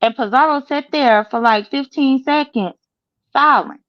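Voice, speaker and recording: A woman's voice: high-pitched, a little slow, no echo, muffled recording. A woman co-hosting a casual online chat, talking emphatically and swearing freely. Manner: emphatic and profane.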